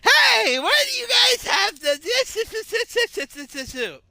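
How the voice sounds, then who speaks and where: A man voicing a loud, demanding old woman shopper who yells, bosses and repeats herself. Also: very high-pitched, big pitch swings, a little slow, vocal fry, no room sound, clean studio sound, pitched above the performer's own voice, exaggerated voice. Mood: yelling demanding. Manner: yelling, bossy, repeats words.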